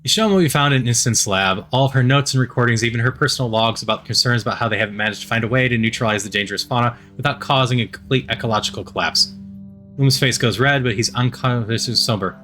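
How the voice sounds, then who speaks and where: Bright-voiced man narrating a game. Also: medium pitch, faint music behind. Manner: reads quickly with stumbles and laughing asides.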